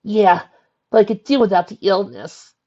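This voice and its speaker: A man voicing a bedridden teenage girl, pitched up high and snapping with sarcasm, in a fan fiction reading. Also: big pitch swings, normal speed, a bit bright, dry recording. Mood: sarcastic. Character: sick, sarcastic teenage girl stuck in bed. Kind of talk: fan fiction read aloud. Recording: dull lo-fi home recording.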